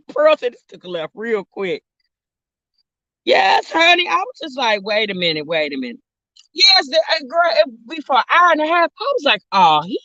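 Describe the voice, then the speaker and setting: A woman vlogger telling a story to her viewers in a sassy, drawling, animated way, calling them honey and girl. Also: a little high, a little slow, no echo, dull audio. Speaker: vlog host.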